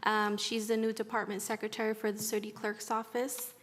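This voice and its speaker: A woman's voice: medium pitch, completely flat delivery, brisk. A woman serving as city clerk, politely introducing a new employee at a council meeting. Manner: polite, brief. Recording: reverberant council chamber.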